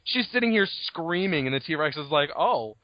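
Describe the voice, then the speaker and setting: A man co-hosting a casual book podcast, retelling the story in an animated way, swearing freely and laughing often. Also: a little high, a little fast, dry recording. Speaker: podcast co-host. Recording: dull lo-fi dry recording.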